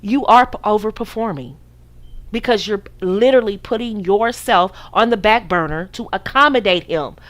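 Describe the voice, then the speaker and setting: A woman's voice: medium pitch, moderate pace, fairly bright tone. A woman from the United States hosting a podcast, giving casual dating advice in a preachy, sassy way and acting out her listeners' voices. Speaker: podcast host.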